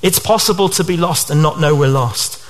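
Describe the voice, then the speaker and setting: A male preacher delivers a sermon with earnest conviction. His voice sits slightly above the usual male pitch, and he keeps drawing the listeners in with rhetorical questions. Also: brisk.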